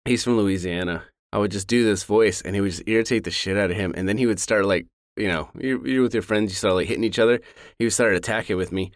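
A laid-back man with a lowish voice, chatting on a podcast, swearing freely and laughing a lot. The sound is dry and close to the mic. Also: quick pace, no echo. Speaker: podcast co-host, voice actor. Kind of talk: casual chat.

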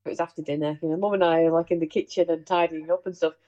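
A middle-aged woman hosting a casual chat, telling family anecdotes in an animated way and laughing along. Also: deep voice, very fast, highs cut off. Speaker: host sharing family memories.

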